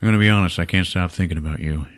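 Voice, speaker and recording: A man voicing a menacing, sleazy male agent boss in a low, creepy drawl. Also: very fast, natural voice.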